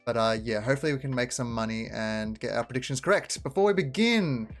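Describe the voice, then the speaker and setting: A man's voice: mid-range voice, quick pace, faint music behind. A young man hosting his own betting picks show, talking casually and sarcastically with lots of fillers. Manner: sarcastic, rambling with many fillers. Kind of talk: casual sports prediction talk.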